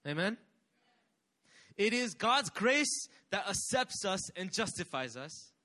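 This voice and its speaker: A young man preaches with energy, drawing the congregation into call-and-response. His voice sits high and bright, and it swings widely as he drives each point home. He keeps a constant pastoral rhythm of question and answer. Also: very animated, slow pace. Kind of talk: sermon.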